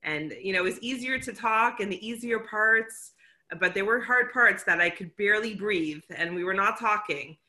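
A middle-aged woman hosting a casual conversation, reflective and lively when she quotes herself. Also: medium pitch, moderate pace.

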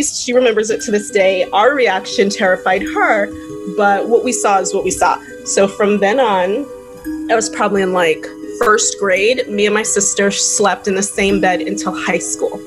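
A woman's voice: mid-range voice, poor audio. A woman from New England telling a childhood ghost story in a casual podcast chat, acting out the voices she quotes. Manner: animated, acts out quoted voices.

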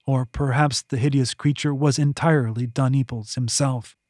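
A man's voice: medium pitch, steady tone, normal speed, darkish tone, no echo. Man narrating fantasy fiction, dry close sound. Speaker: author reading his own novel. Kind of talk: scripted audiobook narration.

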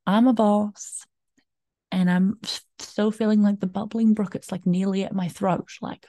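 A woman's voice: mid-range voice, fairly even intonation, a little slow, mellow, no room sound, clean studio sound. A young adult woman hosting a podcast, telling a personal story in a chatty, rambling way with many fillers, restarts and laughs. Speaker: podcast host.

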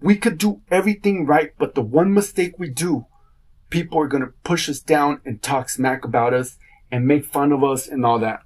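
A man's voice: fairly high pitch, moderate pace. A man hosting his own podcast, talking in a casual rambling monologue and acting out what people said to him. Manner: rambling storytelling, acts out quotes. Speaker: podcast host.

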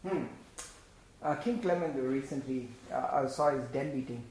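A man preaching a sermon, swinging between loud, emphatic bursts and quiet, low asides, often laughing as he speaks. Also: moderate pace, a little hiss or hum. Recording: very echoey church hall.

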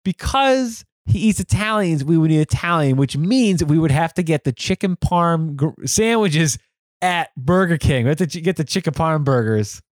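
A man's voice: fairly high pitch, lively intonation, normal speed, no echo, clean studio sound. A man hosting a podcast, chatting in an upbeat, agreeable and jokey way about a movie. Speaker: podcast host. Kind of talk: casual movie-review chat.

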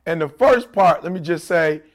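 His voice is a little high and his pace moderate as this middle-aged man co-hosts a laid-back podcast. He recounts stories with animation, performing the quoted voices of the characters.

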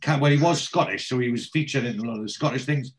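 A man's voice: medium pitch, fast talker. A man hosting a podcast, recapping an episode in a chatty storytelling way. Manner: chatty, storytelling, acts out scenes. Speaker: podcast host.

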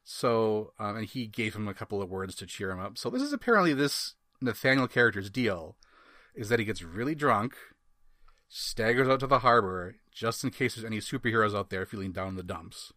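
A man's voice: on the low side, animated, brisk, bright, forceful tone, dry recording, clean studio sound. A man from Wisconsin hosting a casual comic book review podcast, wry and given to rambling asides and laughs. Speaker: podcast host.

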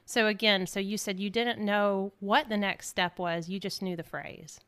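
A woman's voice: mid-range voice, steady tone, normal speed, fairly bright tone, smooth. A woman hosting a faith podcast, reflecting on the guest's story in an affirming way. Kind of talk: casual faith conversation.

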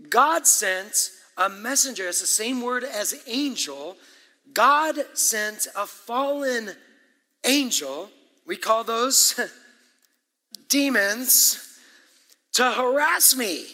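A man preaching a sermon as pastor, animated and emphatic, with asides and quick laughs. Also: high-pitched. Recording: echoey hall with long reverb.

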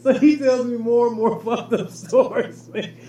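A man's voice: very high voice, fairly even intonation, normal speed, warm tone. A man telling stories in casual, profane chat, laughing often. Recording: echoey room, faint noise.

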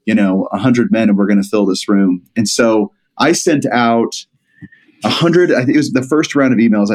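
A man's voice: fairly low pitch, darkish tone. A middle-aged man, a podcast guest, earnestly telling stories and quoting what others said to him. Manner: earnest, retells stories with quoted dialogue. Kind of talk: conversational storytelling.

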